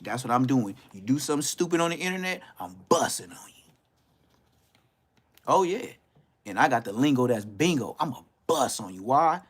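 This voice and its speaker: A man in his fifties from Los Angeles with an LA accent, roasting people on a YouTube live stream in loud, mocking street talk, laughing often and jumping into high-pitched bursts. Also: animated, brisk, breathy edge. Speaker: YouTube commentator.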